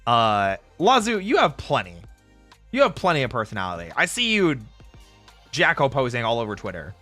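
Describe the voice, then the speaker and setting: A man streaming casually, chatting with viewers in an animated, jokey way and laughing often. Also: mid-range voice, normal speed, no room sound. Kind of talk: casual live-stream chat answering viewers. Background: faint background music.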